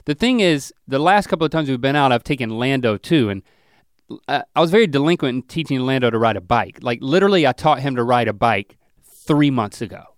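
Rambling, animated man on a podcast. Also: a little fast, no echo, studio quality. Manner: rambling, self-mocking storytelling with lively pitch swings. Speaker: podcast co-host. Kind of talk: casual comedic chat.

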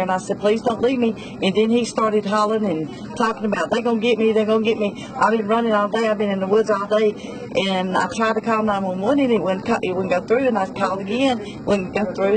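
A woman, a convenience store clerk recounting her story for a news interview. She tells it in an animated way, acting out each line of dialogue. The field recording carries clear background noise. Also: mid-range voice.

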